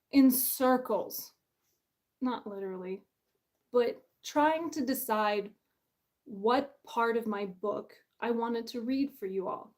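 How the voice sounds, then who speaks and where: A woman's voice: fairly high pitch, a little mellow. A woman author hosting her book launch in a casual livestream chat. She is bubbly and self-deprecating, and she laughs often.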